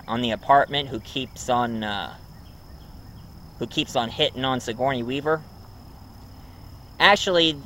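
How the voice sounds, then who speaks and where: A man's voice: medium pitch, fairly bright tone. A man casually reviewing a movie at home, rambling with many ums and uhs. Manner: rambling, full of ums and uhs, chuckles often.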